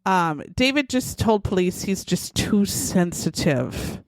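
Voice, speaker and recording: Animated woman telling a true crime story. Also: medium pitch, slow, no echo. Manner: animated, acts out quotes, swears freely. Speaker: podcast host.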